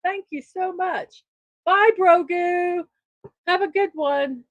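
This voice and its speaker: High-voiced woman chatting on a livestream. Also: takes it slowly, no room sound, muffled recording. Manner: chuckles at her own jokes, chatty and upbeat. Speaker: livestream show host. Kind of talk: casual livestream chat reading memes.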